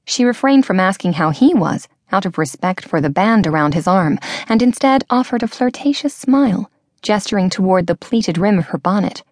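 A woman narrating a story in a measured, expressive reading voice on a close microphone. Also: medium pitch, dry recording. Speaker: audiobook narrator. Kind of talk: scripted narration.

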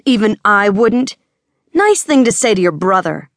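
A woman's voice: medium pitch, sing-song, a little slow, a bit bright, no echo, clean studio sound, pitched above the performer's own voice. A woman voicing a laid-back young man who turns defensive and indignant in an audiobook. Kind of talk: audiobook character voice.

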